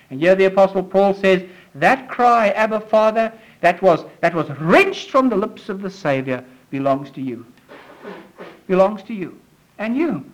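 A man's voice: high-pitched, low-quality recording. A man preaching a fervent sermon, with emphatic repetition and a voice that swells and drops. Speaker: pastor.

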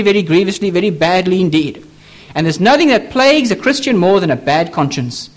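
A man preaching a sermon from a church pulpit, emphatic and repetitive, pressing his points with pleading appeals. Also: high-pitched. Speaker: pastor.

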